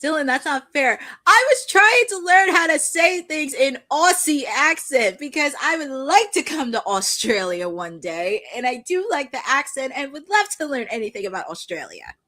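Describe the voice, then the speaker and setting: Woman, podcast co-host, casual chat, slightly high-pitched, rambling. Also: sing-song, moderate pace, few pauses, bright, forceful tone. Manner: chatty, rambling with self-corrections.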